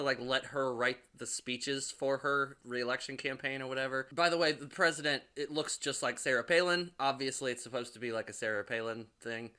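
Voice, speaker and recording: Bright-voiced man rambling through a film recap. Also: mid-range voice, smooth. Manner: rambling, sarcastic, many fillers. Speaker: movie reviewer. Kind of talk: casual spoiler-filled film recap.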